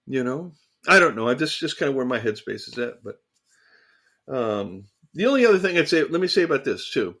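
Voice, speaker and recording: A man co-hosting a casual theological discussion, talking in an animated, emphatic way and repeating phrases for emphasis. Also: fairly high pitch, normal speed, pauses often. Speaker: podcast co-host.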